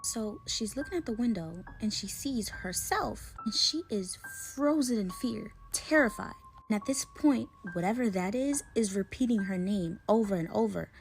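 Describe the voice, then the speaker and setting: A young woman casually retelling a creepy story in a chatty, slangy way, with dramatic pauses. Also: medium pitch, lively intonation, faint music behind.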